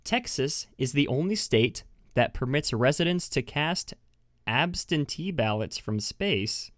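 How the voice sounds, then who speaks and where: A man's voice: mid-range voice, animated, measured pace, fairly bright tone, dry recording, clean studio sound. A man hosting a podcast in a casual, chatty, self-mocking way, often giggling at his own jokes. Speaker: podcast host. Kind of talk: casual chat. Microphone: webcam with mic.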